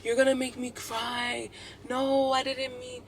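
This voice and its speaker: A woman's voice: high-pitched, flat delivery, unhurried, a little hiss or hum, pitched above the performer's own voice. Woman mimicking a flustered, pleading male professor. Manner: fretful, pleading.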